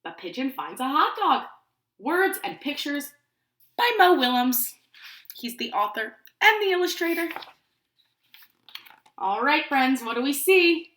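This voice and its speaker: A woman pre-K teacher reading a picture book aloud to young children, in an animated way and often asking them questions. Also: sits high, unhurried, long pauses, roomy sound.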